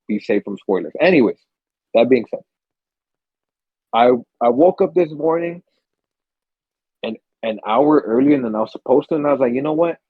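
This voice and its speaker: Co-hosting a casual podcast chat, a young man tells stories with animated energy, swearing a lot and acting out screams and gasps. His mid-range voice is husky and a little breathy, moving at a moderate pace with long pauses. The recording is dry and a bit dull, like a cheap mic.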